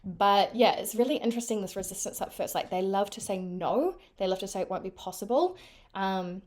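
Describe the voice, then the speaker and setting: A young woman from New Zealand with a New Zealand accent, chatting casually to camera in an animated way with lots of fillers. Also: mid-range voice, brisk. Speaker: vlogger.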